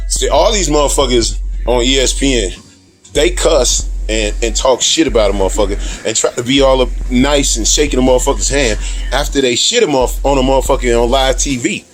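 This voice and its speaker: A man's voice: medium pitch, expressive, normal speed, faint music behind. A man talking straight to camera in a heated, profane monologue, laughing between his points. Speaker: video diarist. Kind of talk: casual ranting monologue.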